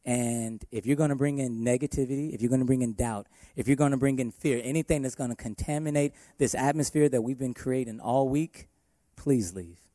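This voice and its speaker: A man, a worship pastor, preaching a sermon in an emphatic way, his loudness rising and falling. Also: mid-range voice, a little fast, few pauses, no echo.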